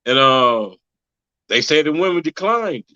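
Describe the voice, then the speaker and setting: A man's voice: a little high, big pitch swings, measured pace, bright, forceful tone, no echo, lo-fi sound. A man co-hosting a podcast in casual, profane chat, ending many lines with "man.". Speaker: podcast co-host.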